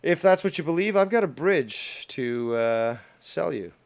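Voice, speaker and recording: A man's voice: on the high side, lively intonation, a little slow, gravelly, smooth. A man hosting a long stream, giving mocking, sarcastic commentary on clips he plays, with frequent swearing. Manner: sarcastic, profane. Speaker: stream host.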